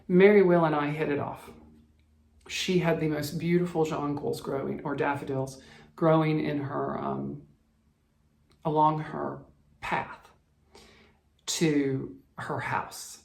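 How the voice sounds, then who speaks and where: Choked-up man with a gravelly voice. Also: fairly high pitch, darkish tone. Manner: emotional, choked up, halting with restarts. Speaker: cross-stitch vlogger. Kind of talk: personal storytelling to camera. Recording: echoey room, faint music behind.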